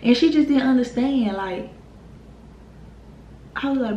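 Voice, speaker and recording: Speaking brisk and at medium pitch, this young YouTube storyteller heatedly recounts a tale for her channel, animated, profane, and punctuated by laughter. The casual storytime vlog was captured in an echoey room, with a little noise underneath.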